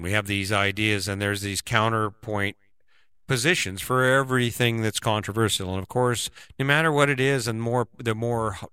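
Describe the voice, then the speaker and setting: A man's voice: fairly low pitch, pushed and bright, clear, resonant tone, dry recording, studio quality. A middle-aged man giving a casual, rambling opinion monologue, often tagging on "right?". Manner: rambling, keeps asking "right?".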